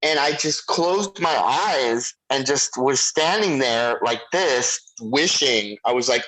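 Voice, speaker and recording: A middle-aged man, a guest actor, telling a lively anecdote and acting out the voices of the people in it. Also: on the high side, unhurried, low-quality recording. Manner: animated storyteller, acts out quoted voices. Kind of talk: anecdotal storytelling.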